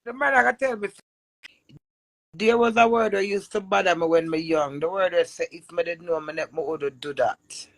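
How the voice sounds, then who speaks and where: A woman's voice: lowish voice, normal speed, no echo. A middle-aged Jamaican woman chatting casually on a live stream, telling stories and laughing often. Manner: animated storytelling with frequent laughs.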